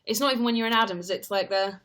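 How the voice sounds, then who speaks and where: A young woman, a stage actor who also livestreams, chats fast in a mid-range, slightly bright voice. She rambles while answering viewer comments, saying "like" a lot.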